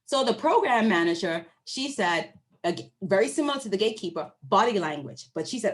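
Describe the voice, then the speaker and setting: A woman university researcher presents findings to an online audience, her medium-pitched voice animated and a bit quick. She speaks conversationally, asks her listeners questions, checks in with them often, and acts out her interviewees' voices when quoting them.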